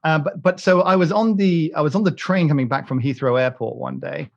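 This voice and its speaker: A man's voice: fairly high pitch, fairly even intonation, fairly quick, gravelly, dull audio. A British man hosting a podcast, chatting casually in a rambling, joking way with many restarts and fillers. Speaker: podcast host. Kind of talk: casual chat.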